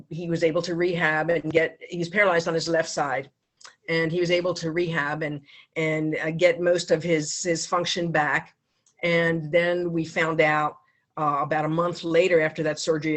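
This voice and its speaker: A woman in her fifties giving a heartfelt speech at a club meeting, telling a personal story with pauses and restarts. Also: sits low. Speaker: foundation speaker at a club meeting.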